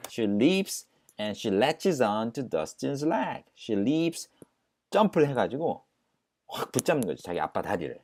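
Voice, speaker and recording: A man with a Korean accent teaching English, echoing English lines slowly and then explaining them quickly in Korean. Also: medium pitch, big pitch swings, a little mellow. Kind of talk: language lesson, repeating and explaining phrases.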